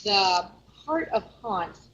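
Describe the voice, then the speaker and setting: A woman's voice: medium pitch, animated, slow pace, fairly bright tone. A woman co-hosting a casual podcast from a restaurant, praising the host with enthusiasm. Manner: enthusiastic, promotional. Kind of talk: casual chat. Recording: dull lo-fi with faint noise.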